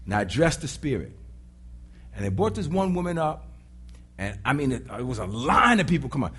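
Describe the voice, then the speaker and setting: A man preaching a sermon in an animated, dramatic way, with sudden shouts and voices acted out. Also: medium pitch, brisk, pauses often, slightly rough.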